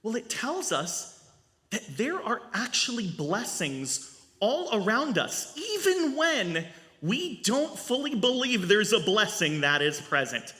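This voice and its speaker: A male rabbi giving a storytelling sermon at a family service, animated and asking the audience questions. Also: high voice, takes it slowly. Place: synagogue sanctuary. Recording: long reverb in a large hall.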